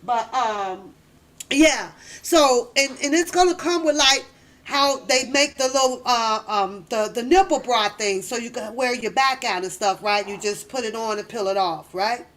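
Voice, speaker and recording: A middle-aged woman hosting a casual live chat, telling stories loudly, laughing often and cursing freely. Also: on the high side, measured pace. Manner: loud, laughing, profane storytelling. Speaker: livestream host.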